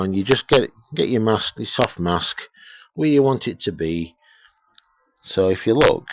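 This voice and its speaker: A man rambling through a casual workshop vlog about restoring a radio, swearing freely and joking about himself as he gives shout-outs. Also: fairly low pitch, no echo. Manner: rambling, sweary, self-deprecating.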